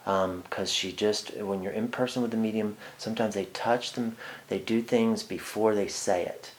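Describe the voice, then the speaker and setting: A man working as a psychic medium in a one-on-one reading, speaking haltingly with many fillers and restarts, sometimes dropping to soft murmured asides. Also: on the low side, steady tone, a little hiss or hum.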